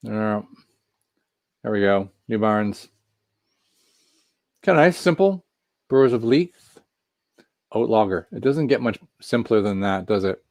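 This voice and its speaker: A man's voice: on the low side, animated, slow pace, long pauses, darkish tone, dry recording. A man casually reviewing a craft beer on a live stream, chatting in a rambling way with self-deprecating asides while reading viewer comments.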